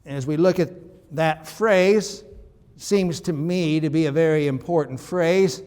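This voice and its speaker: A man's voice: on the high side, normal speed, darkish tone, big-room sound. A male pastor preaching a sermon in a conversational, emphatic way, with frequent restarts.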